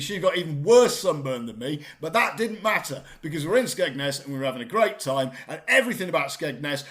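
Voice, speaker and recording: A man, co-hosting a comedy podcast, excitable and animated, often stumbling over repeated words. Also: fairly high pitch. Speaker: co-host.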